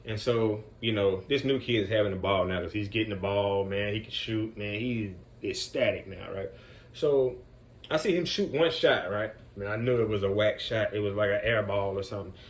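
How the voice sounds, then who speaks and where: A man's voice: lowish voice, normal speed. A man working as a group home counselor tells a story in a loose, conversational way, full of "man" and "you know". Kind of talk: casual storytelling vlog.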